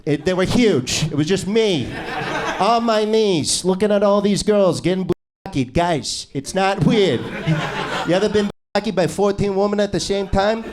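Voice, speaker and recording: A man's voice: high voice, background noise. A male stand-up comedian doing an improvised set in a small comedy club, brash and crude, needling the crowd.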